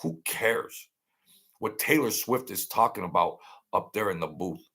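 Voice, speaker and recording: A man's voice: on the low side, big pitch swings, a little slow, creaky, bright, forceful tone, husky. A middle-aged man hosting a late-night hangout stream, rambling in a mocking tone and repeating himself. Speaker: channel host.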